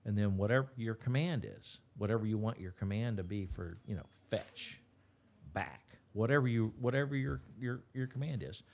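A man's voice: on the low side, normal speed, gravelly, darkish tone. A man with an Appalachian accent, a dog trainer talking as an interview guest in a folksy, rambling way with many restarts. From West Virginia. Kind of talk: casual interview talk.

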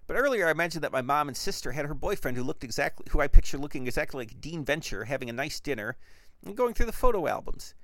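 Animated, wry male storyteller. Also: a little high, vocal fry, no room sound. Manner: animated, wry comic narration. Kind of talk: comic first-person storytelling.

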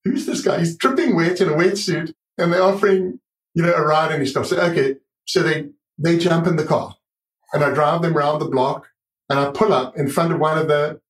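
Animated storytelling man, echoey room. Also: fairly high pitch, brisk. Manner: animated storyteller, acts out dialogue. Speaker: guest author and surfer. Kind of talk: storytelling in a podcast interview.

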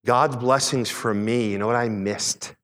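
A middle-aged man preaching a sermon, a pastor telling a personal story in a conversational, animated way. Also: long reverb tail. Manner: conversational preaching, animated retelling with quick pitch swings.

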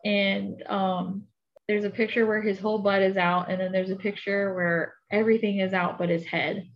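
A young adult woman telling a personal story in a casual, animated way, full of fillers like "like" and "um". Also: mid-range voice, moderate pace. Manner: chatty, animated, many fillers. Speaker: podcast guest. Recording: dull lo-fi audio.

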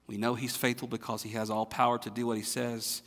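A man preaching a sermon as pastor, stressing and repeating phrases with big swings between loud and soft. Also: mid-range voice, flat delivery, brisk, long reverb tail. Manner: emphatic, repeats phrases with sharp swings in loudness.

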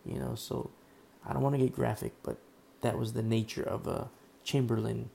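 A hoarse man with a worn-out throat preaching a casual, rambling sermon, full of fillers and asides. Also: medium pitch, level tone, normal speed, warm tone, slight background noise. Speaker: pastor.

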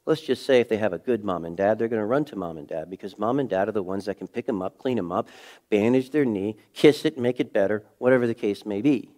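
A middle-aged man delivers a sermon in a fairly low voice. He talks to the congregation like a conversation, firing off rhetorical questions. He swings from loud, punchy emphasis down to near-hushed moments. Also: fast. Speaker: pastor.

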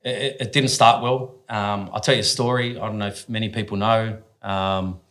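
Guesting on a talk podcast, this forties-aged Australian ex-pro athlete has a lower voice with a fairly bright, level tone and moderate pace. He tells stories bluntly and casually, cursing without hesitation and frequently breaking off to restart.

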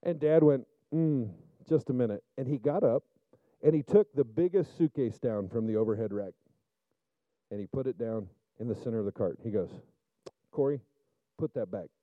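A male pastor preaching a sermon, telling stories and building up to loud, fervent peaks. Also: mid-range voice, normal speed, no echo, phone-quality sound. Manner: storytelling preacher, rises to loud fervent climaxes.

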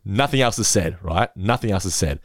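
An Australian man hosting a casual chat, an animated storyteller who acts out quotes and laughs often. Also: low voice, a little fast, dry recording, studio quality. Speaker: podcast host.

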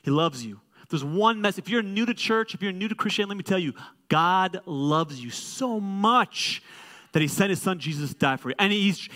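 A man, a co-lead pastor, preaching a sermon in a church, animated and joking, moving from quiet asides to loud exclaims. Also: sits high, moderate pace.

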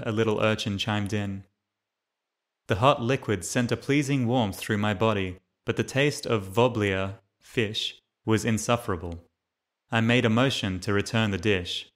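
A man's voice: lowish voice, moderate pace, a bit bright. A man narrating a memoir as an audiobook reader, reading steadily and lifting his voice for the quoted lines.

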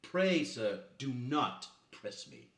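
A pompous huckster barks his pitch, played by a man on a stage. The voice leaps wildly up and down, bright and ringing. It is heard from a distance in a roomy hall. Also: big pitch swings, slow, heavily acted. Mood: grandiose. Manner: grandiose, theatrical sales pitch. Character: pompous smooth-talking male huckster, middle-aged. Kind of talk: stage play acting.

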